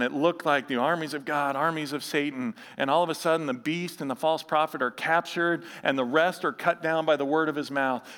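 A man in his thirties or forties, a pastor preaching a sermon, telling stories with animation and reading scripture slowly. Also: on the high side, in a large hall. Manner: animated storytelling, acting out others' voices; reads scripture slowly and gravely.

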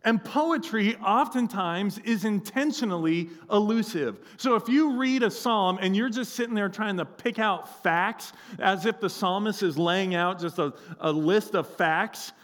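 A man preaching a sermon as pastor, telling a story with lively acted-out quotes. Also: high-pitched, a little slow, hardly any pauses.

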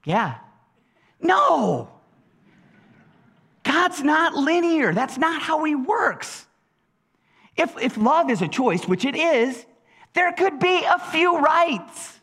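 A male pastor preaches with a high, bright voice that swings widely in pitch. He talks conversationally, often repeating words, and slips into acted-out voices for the prayers he quotes. The delivery stays animated throughout. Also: takes it slowly, pauses often. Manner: conversational, with frequent word repeats. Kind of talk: sermon.

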